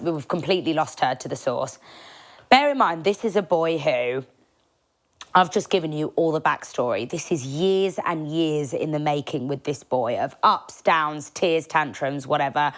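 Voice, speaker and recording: A young woman hosting a solo podcast, telling a story in a chatty, animated way, acting out quotes and laughing often. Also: low-pitched. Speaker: podcast host.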